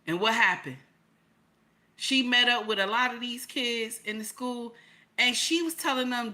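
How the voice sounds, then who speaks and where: Middle-aged woman, bright forceful voice, repeats herself hard for emphasis. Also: a little high, expressive, moderate pace. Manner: emphatic, repeats herself, builds to loud peaks. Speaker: channel host. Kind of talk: casual talk to viewers.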